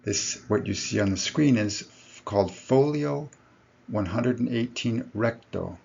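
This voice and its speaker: A man's voice: fairly low pitch, a little slow, gravelly, a little mellow, breathy edge, lo-fi sound. A man giving a recorded lecture to his students, explaining step by step and correcting himself as he goes.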